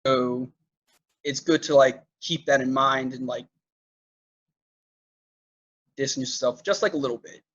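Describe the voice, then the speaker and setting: A man's voice: mid-range voice, fairly even intonation, a little slow, pauses often, fairly bright tone, muffled recording. A man who manages a movie theater, guest in a casual interview, talking loosely with lots of fillers. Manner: loose storytelling with many fillers.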